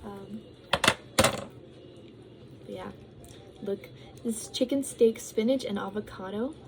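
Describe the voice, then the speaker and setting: A woman's voice: mid-range voice, takes it slowly, very noisy. A young woman talking casually to her vlog audience, rambling with lots of ums and likes, sometimes while eating. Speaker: vlogger.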